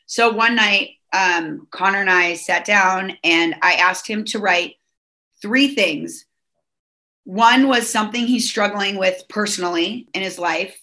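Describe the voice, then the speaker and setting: A middle-aged woman from Southern California talks freely as a podcast guest. Her voice is bright and forward, and she keeps circling back through fillers and quick restarts as her thoughts pour out. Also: mid-range voice. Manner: chatty, many fillers and restarts. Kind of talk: casual podcast chat.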